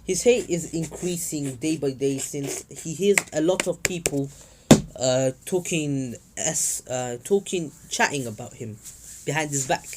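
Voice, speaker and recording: A man's voice: fairly high pitch, measured pace, very noisy. A man improvising a fan-fiction story in a rambling, self-correcting way. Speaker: YouTube storyteller.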